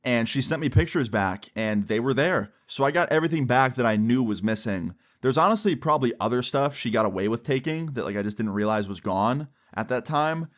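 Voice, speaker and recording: A young man with an ordinary mid-range male pitch tells a story casually, the way people chat with friends. He speaks animatedly and briskly with few pauses, leaning constantly on fillers like "like" and "you know."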